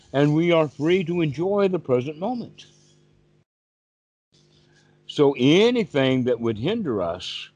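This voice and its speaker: A man's voice: medium pitch, darkish tone. Man teaching over dull call audio. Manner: patient, repetitive explaining. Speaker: meditation teacher. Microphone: video call.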